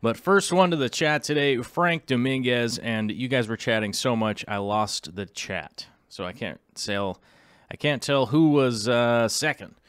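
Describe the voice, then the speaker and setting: A man's voice: medium pitch, measured pace, fairly bright tone, clean tone, no room sound, studio quality. A man hosting a live stream in a goofy, playful, rambling way, chatting casually to his viewers. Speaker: livestream host. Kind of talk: casual livestream chat.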